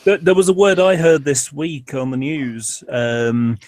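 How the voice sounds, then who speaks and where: A man from England with an English accent, telling stories in a casual group chat with many pauses. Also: a little high, lively intonation, darkish tone. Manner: storytelling, hesitant with fillers.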